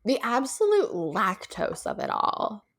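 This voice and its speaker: A woman in her late twenties chats casually as a podcast co-host. She talks with animated energy, swears freely and slips into quick voices for the characters she retells. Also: medium pitch, creaky. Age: 20s. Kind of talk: casual recap chat.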